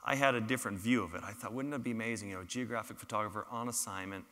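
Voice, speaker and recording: A man with a bright, forceful voice tells his field stories to a lecture hall audience. His words ring out on a stage microphone with a long reverb trailing after them. His humor is self-deprecating. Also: fairly low pitch, very fast. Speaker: photographer giving a public talk. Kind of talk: storytelling lecture with slides.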